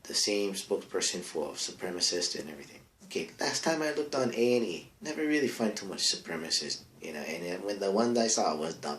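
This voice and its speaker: Male comic persona, low voice, rambling bro talk, roomy echo. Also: huge pitch swings, fairly quick, hardly any pauses, fairly bright tone. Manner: rambling, bro-ish, trailing into mumbled asides. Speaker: comedic advice-show persona.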